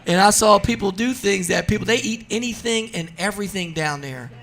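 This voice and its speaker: A man in his forties from New Jersey, a radio interview guest telling funny stories in a lively, laughing way. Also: high voice, fairly quick. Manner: animated, laughing storyteller. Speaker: guest, drag racer. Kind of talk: casual radio interview storytelling.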